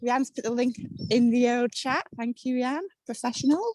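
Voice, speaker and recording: A woman's voice: fairly high pitch, steady tone, moderate pace, darkish tone, dry recording, rough recording. A woman reporting playfully for an online radio show, chatting casually. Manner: playful, giggly. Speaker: roving reporter. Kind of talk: casual chat.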